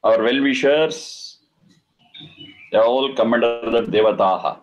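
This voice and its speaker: A man teaching a scripture lesson. He explains Sanskrit words slowly and deliberately, and he repeats and chants the terms. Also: medium pitch, lo-fi sound, soft background music. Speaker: Vedic teacher.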